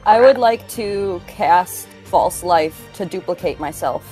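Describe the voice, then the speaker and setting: Woman player, lower voice, plain matter-of-fact delivery. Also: lively intonation, slow, mellow, soft background music. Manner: matter-of-fact, describing her actions.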